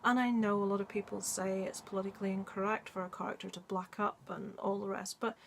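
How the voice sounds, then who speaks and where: A woman's voice: mid-range voice, level tone, fast, gravelly, slight background noise. A woman movie vlogger in casual chat, talking in a rambling way with many ums and asides.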